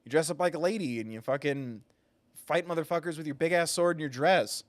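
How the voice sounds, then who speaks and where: A man's voice: on the high side, fairly quick, dry recording. A man streaming a video game live, chatting casually with viewers in a rambling way and swearing freely. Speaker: gaming streamer. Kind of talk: casual live gameplay commentary.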